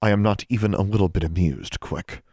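A man's voice: deep voice, fairly quick, dry recording, studio quality. A man doing a cold, stern teacher. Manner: clipped, quiet, menacing. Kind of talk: audiobook character voice.

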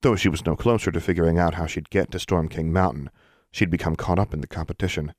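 With a very deep voice, a male audiobook narrator reads a fantasy story steadily and deliberately from a script. The recording is close and dry, with no room sound.

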